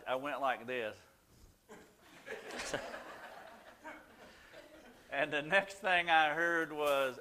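Older man, counselor, slow unhurried delivery, folksy humor, lots of uh fillers. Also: medium pitch, pushed and bright. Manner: folksy and self-deprecating, with frequent "uh" fillers. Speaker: Christian counselor leading a small group. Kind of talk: casual storytelling talk.

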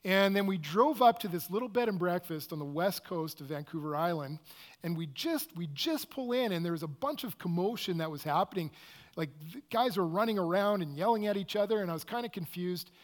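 A man with a somewhat high-pitched voice tells a personal story to listeners. He is an excitable, animated storyteller who speaks with open enthusiasm. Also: brisk.

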